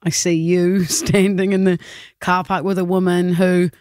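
A woman co-hosting a drive-time radio show, telling stories in an animated, mock-indignant way. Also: lowish voice, a little slow, no echo, clean studio sound. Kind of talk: casual banter.

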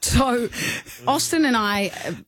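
A woman co-hosting a radio show, telling a story with lively mimicry of voices. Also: on the high side, slow pace, dry recording, studio quality. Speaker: radio co-host. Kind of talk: casual radio banter. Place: radio studio. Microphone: studio mic.

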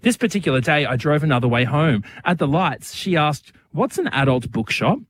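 A man in his thirties, co-hosting a chatty radio show. His voice sits a little high and swings up and down with animation. He giggles often while reading listener messages aloud. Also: sing-song, moderate pace. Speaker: radio co-host. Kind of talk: casual banter on a radio show.

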